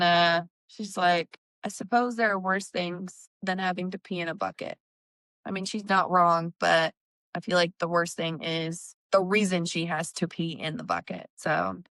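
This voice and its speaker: Woman book-chat host, casual and animated; smooth resonant tone, dry sound. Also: on the low side, dry recording. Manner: animated recapping, acts out quotes, swears. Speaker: book club podcast host.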